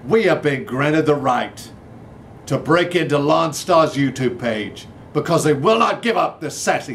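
A man playing a brash, gushing male lawyer in a comedy sketch, announcing loudly with over-the-top flattery. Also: fairly high pitch, a little hiss or hum.

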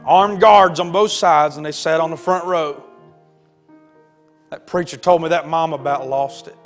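A man preaching a sermon, telling a story dramatically and building to shouts. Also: a little high, fairly even intonation, measured pace. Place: church sanctuary. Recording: long hall reverb with faint music.

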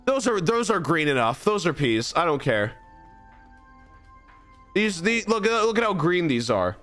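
Young male game streamer, unhurried and rambling, exasperated and self-mocking, with faint music underneath. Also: high voice, big pitch swings, a bit bright. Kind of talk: casual gameplay commentary.

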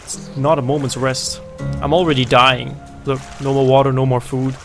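An excitable man talks through a survival game, cracking jokes and shouting at the screen when things go wrong. His voice sits at an ordinary mid pitch, and faint game music plays underneath. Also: normal speed. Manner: excitable, jokey, yells at the game. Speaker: gaming video host. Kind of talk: let's play commentary.

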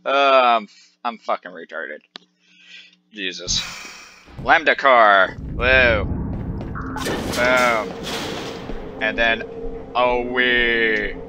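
A man in his twenties commenting on his own game playthrough, muttering and swearing with sudden excited outbursts. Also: medium pitch, extremely slow, pauses often, background noise. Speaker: gaming channel host. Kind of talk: let's play commentary. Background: loud game music and gunfire.

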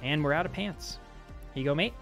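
A man with a fairly high-pitched voice hosts a casual gameplay session, upbeat and chatty as he walks his friend through the mechanics. Faint music plays underneath. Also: fairly quick, vocal fry, a bit bright. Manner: upbeat, explains game mechanics. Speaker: host and map maker.

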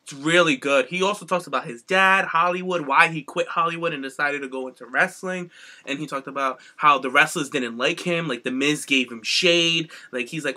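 Excitable bright-voiced man on a podcast. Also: a little high, brisk. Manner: enthusiastic, excitable, swears and laughs while retelling stories. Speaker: podcast co-host. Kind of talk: casual podcast chat.

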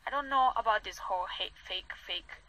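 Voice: mid-range voice, brisk, sharp tone, low-quality recording. A vlogger ranting indignantly, with many "like" fillers and non-native English phrasing. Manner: indignant, heavy use of "like" fillers. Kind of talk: angry commentary rant.

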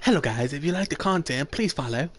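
A young man giving loud, excitable commentary while playing a video game, swearing and trash-talking his teammates. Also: on the high side, quick pace, breathy edge. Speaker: gamer streaming gameplay. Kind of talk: casual gameplay commentary.

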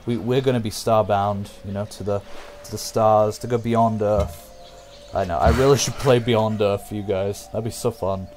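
A young man casually commenting on a strategy game as he plays, thinking aloud, humming and breaking into excited outbursts for viewers. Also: on the low side, normal speed, faint music behind. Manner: talks to himself and viewers, hums, excitable outbursts. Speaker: gameplay commentator. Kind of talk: casual let's-play commentary.

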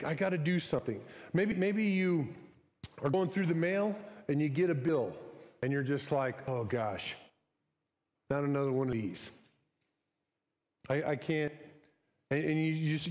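A man's voice: fairly high pitch, darkish tone. A man preaching a casual, conversational sermon as a pastor, often acting out short quoted voices. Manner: chatty, conversational, acts out little quoted voices. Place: church sanctuary. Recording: church hall with long reverb.

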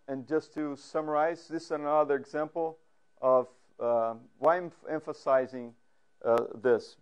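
A man lecturing a class, halting often with fillers and restarts and putting questions to the audience. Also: mid-range voice, darkish tone. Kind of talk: academic lecture. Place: lecture room.

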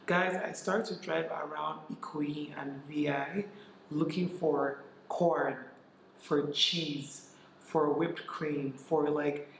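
A man's voice: a little high, creaky, a bit bright, slight background noise. A young man from Nigeria, a vlogger, candidly retelling a stressful experience to camera with lots of reported speech. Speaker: vlogger and former caterer. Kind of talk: casual storytelling to camera. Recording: echoey room.

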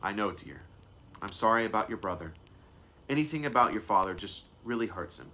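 A man voicing a grieving, gentle mother in a storybook read-aloud, speaking softly and slowly with sighs. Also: on the low side, lively intonation, slight background noise. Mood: sad, soft. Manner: slow, sighing, tearful lines. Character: grieving gentle mother, soft-spoken, tired.

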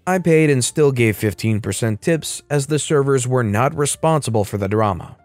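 A man reading an online story aloud as a first-person narrator, in a lively scripted style. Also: mid-range voice, normal speed, no room sound, faint music behind.

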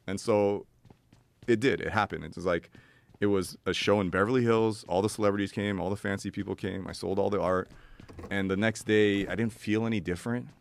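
A man with a very deep, low voice talks loosely and at length, piling up fillers and little laughs as he tells his stories. A faint hiss of noise sits under the recording. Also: steady tone, brisk, gravelly. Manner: rambling storyteller, many fillers and laughs. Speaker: guest. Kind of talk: casual chat.

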